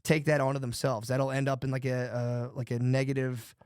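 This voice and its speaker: A man's voice: medium pitch, little pitch movement, brisk, darkish tone, clean tone, dry recording, studio quality. A man co-hosting a podcast in casual chat, rambling and profane, jittery from too much coffee. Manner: rambling, profane, restarts often. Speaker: podcast co-host.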